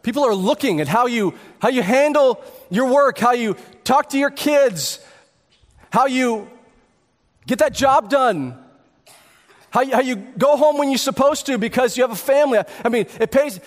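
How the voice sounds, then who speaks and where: A man's voice: very high voice, expressive, normal speed, in a large hall. A man in his thirties or forties preaching a sermon, earnest, building to emphatic peaks with repeated words. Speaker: pastor.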